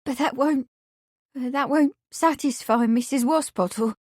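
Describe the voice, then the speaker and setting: A woman's voice: high-pitched, measured pace, a little mellow, no room sound, studio quality, pitched above the performer's own voice. A woman voicing a frightened young laundry maid who pleads desperately in a breathless way.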